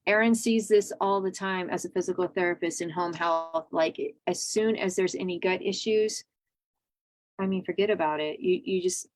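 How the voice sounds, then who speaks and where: Chatty woman hosting a wellness class. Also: mid-range voice. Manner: chatty, laughs often, animated asides. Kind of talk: casual class talk.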